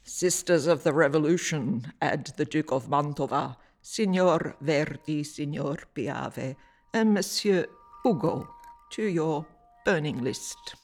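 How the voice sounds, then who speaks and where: An Italian artist, Italian by first language, reads her reflective personal narration in a measured, deliberate way with pauses. Her voice is low, animated and darkish, with soft music in the background.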